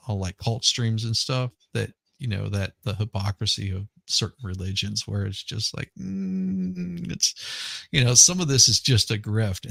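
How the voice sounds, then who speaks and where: Gravelly low-voiced man rambling casually. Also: a bit bright, no room sound, clean studio sound. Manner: rambling, searches for names, many restarts. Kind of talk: casual chat.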